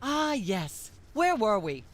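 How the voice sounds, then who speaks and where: A woman voicing a condescending talk show host in a video game, with sharp, acerbic remarks. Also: fairly high pitch, very animated, takes it slowly, a crowd in the background. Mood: haughty.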